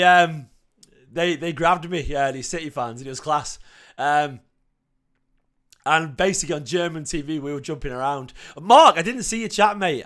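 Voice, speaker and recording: Excitable man on a fan livestream. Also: on the high side. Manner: excitable, emotional, chatty, with many fillers. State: slight cough. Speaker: fan channel host reading live chat. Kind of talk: casual livestream chat.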